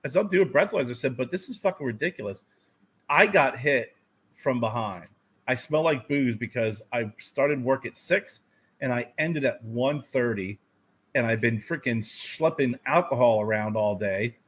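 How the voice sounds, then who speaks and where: A man co-hosting a podcast in casual chat, an animated and profane storyteller who acts out his own past lines. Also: medium pitch, breathy edge. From United States. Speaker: podcast co-host.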